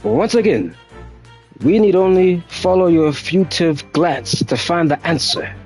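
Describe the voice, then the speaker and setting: A man puts on a theatrical, self-important detective with a slow, showy delivery, each line drawn out for effect. The voice sits a little higher than plain talk. Faint game music plays behind. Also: animated, a little mellow. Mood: dramatic. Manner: slow, drawn-out dramatic reading. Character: theatrical, grandiose male detective, middle-aged. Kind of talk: reading game dialogue aloud.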